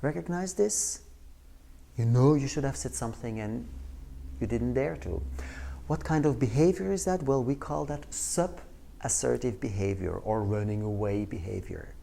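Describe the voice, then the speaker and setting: Guy teaching a course, tells stories all animated, mellow warm voice. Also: medium pitch, moderate pace, vocal fry, a little hiss or hum. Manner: animated, acts out scenes. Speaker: trainer. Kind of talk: storytelling lecture.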